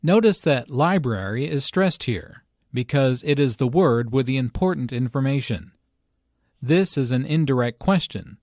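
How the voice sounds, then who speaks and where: A man narrating an English lesson, explaining phrases slowly and deliberately, stressing key words. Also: mid-range voice, darkish tone, no room sound, clean studio sound. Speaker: English teacher.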